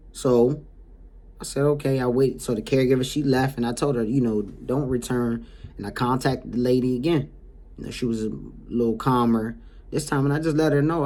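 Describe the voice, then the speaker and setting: Husky man telling a story casually. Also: medium pitch, normal speed. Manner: animated, heated retelling. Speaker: home care agency owner.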